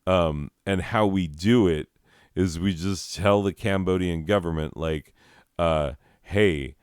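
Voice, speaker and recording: Deep-voiced, slow, rambling man. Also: darkish tone, smooth, no echo, studio quality. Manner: profane, chuckling, loose and meandering. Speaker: comedy podcast host. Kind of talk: rambling casual storytelling.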